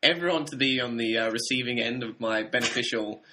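A man co-hosting a film review podcast, thoughtful and measured, pausing now and then to find his words. His voice is bright and crisp, at a middle pitch. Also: slight background noise. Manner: thoughtful, measured, slightly hesitant. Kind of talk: casual film review chat.

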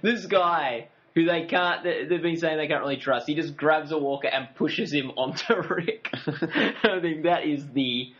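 A man's voice: a little high, normal speed, a bit bright. A man co-hosting a casual podcast, rambling and chatty and laughing often. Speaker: podcast co-host. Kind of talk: casual recap chat. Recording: dull lo-fi audio.

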